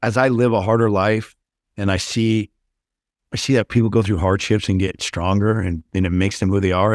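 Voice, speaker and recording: Podcast guest, middle-aged man; low-pitched, raw and candid, swears freely. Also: darkish tone, no room sound, studio quality. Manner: intense, blunt, swears freely. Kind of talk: candid interview talk.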